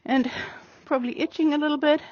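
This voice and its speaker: A woman horse trainer explaining her work with a mare in an open outdoor arena, calm and coaxing, with many fillers. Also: high-pitched, fast, no echo, lo-fi sound.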